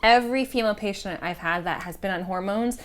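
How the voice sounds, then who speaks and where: A woman's voice: medium pitch, quick pace. A woman with a Southern US accent, co-hosting a casual medical chat, who talks in a chatty way and acts out her patients' voices. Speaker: medical practitioner co-host.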